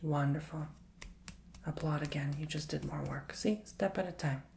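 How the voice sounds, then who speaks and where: A man with a gravelly, creaky edge to his voice, murmuring and whispering through an ASMR tarot reading. He stays fairly level in tone, speaking gently and encouragingly as he repeats soothing affirmations. A faint hiss sits under his voice. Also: a little high, fairly even intonation, normal speed. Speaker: tarot reader.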